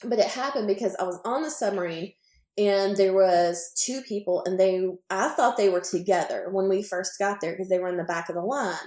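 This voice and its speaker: A woman's voice: medium pitch, a little fast. Rambling woman telling a story, echoey room. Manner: rambling, filler-heavy, animated retelling. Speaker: podcast co-host. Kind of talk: casual anecdote telling.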